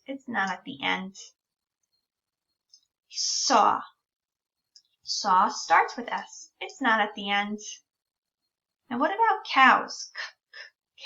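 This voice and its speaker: A woman with a bright, fairly high voice guides young children through a speech-sound lesson, sounding out each word and drawing it out. She speaks very slowly and patiently. The recording is dull and lo-fi, and she sits a little away from the mic. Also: creaky, distant mic. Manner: slow, drawn-out sounding out of words. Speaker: teacher.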